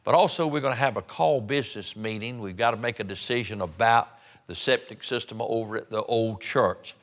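A man, a pastor giving announcements and a sermon, reading scripture slowly and emphatically with small folksy restarts. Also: fairly low pitch, fairly bright tone. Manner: slow, emphatic reading of scripture with rising stress on key words. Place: church sanctuary.

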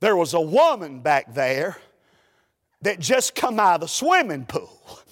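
A man, a preacher telling a humorous story in a folksy, animated way during a sermon. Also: a little high, measured pace, in a large hall.

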